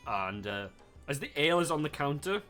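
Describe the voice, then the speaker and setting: Rambling game master. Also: male voice, on the high side, big pitch swings, brisk, fairly bright tone, soft background music. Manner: rambling, chuckling, with many fillers. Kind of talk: narrating a tabletop game.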